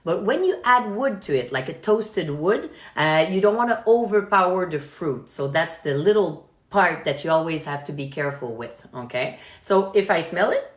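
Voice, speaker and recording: A woman's voice: fairly low pitch, expressive, normal speed, roomy sound. A woman with a Quebec French accent, chatting casually as she hosts a live wine tasting and explains as she goes, often checking in with "okay?". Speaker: wine expert hosting a live stream. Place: at home.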